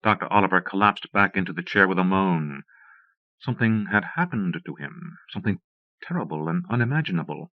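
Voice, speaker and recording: A man narrating an audiobook with a steady, measured delivery. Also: deep voice, dry recording. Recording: dull dry cassette audiobook.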